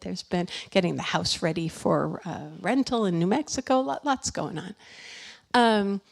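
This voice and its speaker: A middle-aged woman minister telling a personal story in a sermon, animated and chatty, with many fillers and restarts. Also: mid-range voice, creaky.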